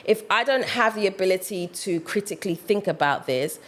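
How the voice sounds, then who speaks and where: A woman's voice: mid-range voice, expressive, brisk, hardly any pauses, a bit bright. A woman vlogger giving reflective, conversational commentary, thinking aloud with plenty of fillers. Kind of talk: commentary vlog.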